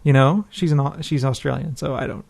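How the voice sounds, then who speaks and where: A man's voice: medium pitch, fairly even intonation, fairly quick, gravelly, a little mellow. A man co-hosting a casual podcast, talking informally and reading a listener email aloud. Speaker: podcast co-host.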